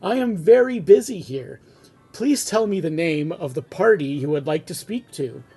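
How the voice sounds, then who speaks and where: A prim, overworked phone operator, as a man puts them on, clipped and formal. The voice is raised in pitch with a husky grain. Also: expressive, normal speed, warm tone, soft background music. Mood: officious. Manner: curt, formal and officious. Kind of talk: comic script reading.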